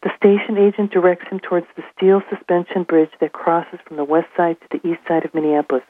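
A woman reading aloud from her own novel in a steady, measured narration. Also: fairly low pitch, dry recording. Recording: tinny phone line.

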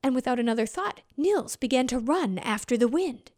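A woman telling a folk tale expressively, voicing sound effects and dropping to hushed whispers. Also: high voice, expressive, normal speed. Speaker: storyteller.

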